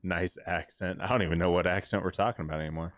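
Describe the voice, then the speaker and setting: A man's voice: sits low, fairly even intonation, quick pace, no echo, studio quality. A man hosting a livestream, rambling and joking crudely while he plays. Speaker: livestream host. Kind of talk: casual gaming commentary.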